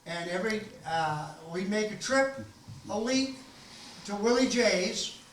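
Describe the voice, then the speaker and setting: A man's voice: sits high, lively intonation, a little slow, slight background noise. An older man with a Maine accent, hosting a storytelling gathering at a library and talking in a rambling, folksy way with many ums and restarts. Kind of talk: casual storytelling to an audience. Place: library meeting room. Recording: echoey room, voice from far off.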